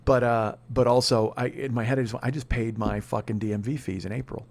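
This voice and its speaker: A man's voice: mid-range voice, steady tone, a little fast. A man from Chicago hosting a podcast, telling a rambling, profane, self-deprecating story in a casual way. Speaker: podcast host.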